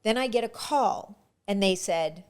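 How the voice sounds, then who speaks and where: An actress telling lively stories about her auditions and career in a casual interview. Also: medium pitch, a little slow, smooth. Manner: lively anecdotal, frequent restarts. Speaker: actress guest.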